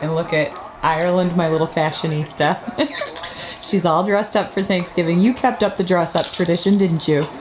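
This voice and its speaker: A woman's voice: lowish voice, fairly even intonation, normal speed. A woman narrating a family vlog, cheerful and affectionate, talking to her kids and to the camera. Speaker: vlogging mom. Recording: noisy home video.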